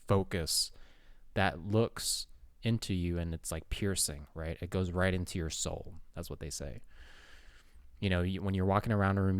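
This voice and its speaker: A man's voice: low-pitched, dry recording, studio quality. A young man hosting his own channel, rambling playfully to camera in casual chat and swearing now and then. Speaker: YouTube channel host. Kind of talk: casual vlog talk to camera.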